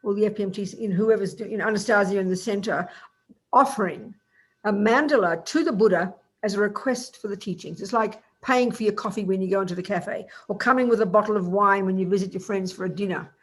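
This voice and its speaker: A woman teaching Buddhism in a relaxed, chatty way, often asking her listeners rhetorical questions. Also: mid-range voice, fast talker, breathy edge. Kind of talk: informal dharma teaching.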